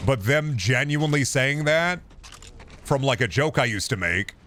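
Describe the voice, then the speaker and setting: A man in his thirties with a deep, trained voice, chatting casually on stream, rambling with lots of restarts and the odd swear. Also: lively intonation, normal speed, fairly bright tone, slight background noise. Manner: trained performance voice.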